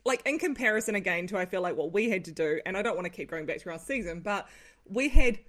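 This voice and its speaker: A woman's voice: medium pitch, animated, fast, fairly bright tone. Kiwi woman, mid-range voice, lead host of a casual recap podcast, laughs easily. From New Zealand. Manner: upbeat, laughing, steering the conversation. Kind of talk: casual chat.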